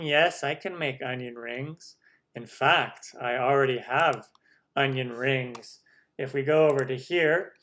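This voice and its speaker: Guy hosting a cooking live stream, chatty and rambly, kinda high voice, hums to himself. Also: a bit bright. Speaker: cooking channel host. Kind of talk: casual live stream chat.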